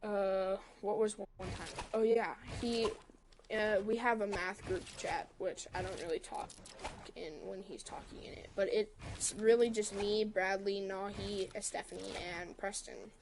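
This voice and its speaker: Woman rapidly recounting an argument. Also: mid-range voice, fairly even intonation, a little mellow, slight background noise, low-quality recording. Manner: retells text arguments quickly, quoting both sides. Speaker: livestream host. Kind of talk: casual storytelling on a livestream.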